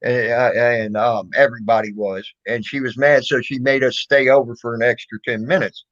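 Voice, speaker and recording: A man's voice: medium pitch, little pitch movement, moderate pace, fairly bright tone. A man casually telling a childhood story, rambling and swearing, full of fillers and restarts. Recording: dull lo-fi recording.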